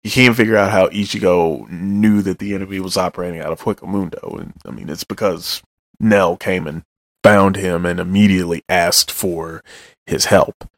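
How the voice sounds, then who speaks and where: A man with a low voice talks through manga chapters in a loose, joking way, with offhand asides and some swearing. His voice sits dry and close, with no room sound around it. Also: steady tone, normal speed, dry recording. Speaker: manga reader and recapper. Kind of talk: casual chapter recap.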